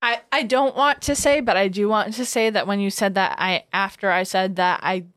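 A woman's voice: mid-range voice, steady tone, moderate pace, fairly bright tone, no room sound, studio quality. A woman co-hosting a podcast, chatting casually in a rambling, self-mocking way. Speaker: podcast co-host. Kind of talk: casual comedy chat.

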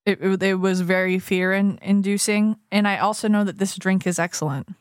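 A woman's voice: mid-range voice, steady tone, normal speed, smooth, no room sound, clean studio sound. A woman co-hosting a podcast, giggly and playful in casual banter. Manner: giggly, self-described obnoxious. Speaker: podcast co-host.

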